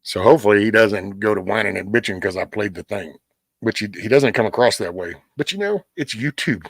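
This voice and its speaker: A middle-aged man hosts his own live stream, rambling along and greeting viewers by name. His voice is husky and sits low, and the sound is close and dry with no room echo. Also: lively intonation, fairly quick. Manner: rambling, talks to chat by name. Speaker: livestream host. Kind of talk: casual live-stream chat.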